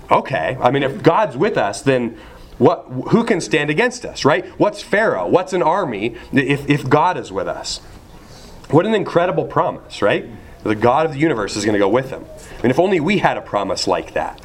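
A man's voice: mid-range voice, sing-song, moderate pace. A man preaching a sermon, earnest and emphatic, asking his listeners rhetorical questions. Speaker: pastor.

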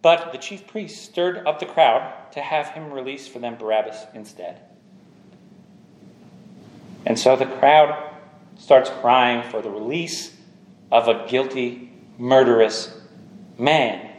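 A man's voice: mid-range voice, slow, pauses often, echoey room. A man preaching a sermon, pressing his point with repeated rhetorical questions.

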